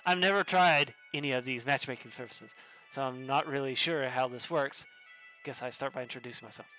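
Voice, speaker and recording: A man voicing a cheesy, smooth-talking man writing dating-site messages, read in a soft, hammy romantic tone. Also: medium pitch, a little fast, faint music behind, voice pushed down, natural voice.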